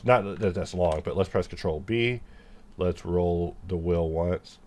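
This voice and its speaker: In a deep, darkish, unhurried voice, a man walks viewers through his 3D modeling on screen. His commentary is relaxed and meandering, peppered with jokes about himself.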